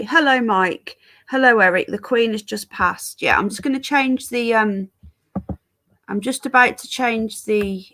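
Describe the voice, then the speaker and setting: A woman's voice: mid-range voice, fairly bright tone. An English woman chatting casually on a live stream, greeting viewers by name while fiddling with her stream settings. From England.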